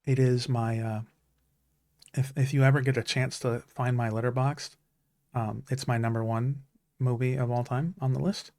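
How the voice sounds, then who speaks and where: A man's voice: medium pitch, flat delivery, normal speed, a little mellow, no echo, studio quality. A man in his thirties, a streamer, talking in an earnest, heartfelt way about stories that matter to him, with many restarts. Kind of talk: casual chat.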